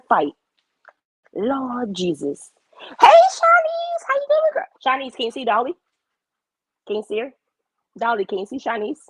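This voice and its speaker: A young woman talks to her stream chat in a husky voice whose pitch swings widely as she gets worked up. Her delivery is blunt and animated, laced with cursing. The sound is close and dry, with no room around it. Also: no room sound. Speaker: livestreamer. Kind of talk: casual livestream chat.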